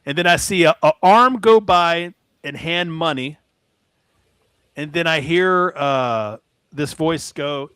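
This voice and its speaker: A man's voice: a little high, animated, unhurried, bright, forceful tone, no room sound. A man co-hosting a music podcast, telling a rambling anecdote in casual chat. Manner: rambling anecdote with laughs, acts out voices. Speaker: podcast co-host.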